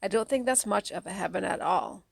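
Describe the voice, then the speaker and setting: A woman's voice: medium pitch, brisk, vocal fry, no room sound. Storybook poem: folksy grumbling ghost lumberjack read by a woman, dry and close. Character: gruff dead lumberjack man, restless ghost.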